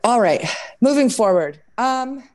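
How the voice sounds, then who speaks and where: Laid-back woman host, unhurried questions, easy and informal. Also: fairly high pitch. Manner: relaxed and loose, casual swearing. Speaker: interviewer. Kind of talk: casual interview.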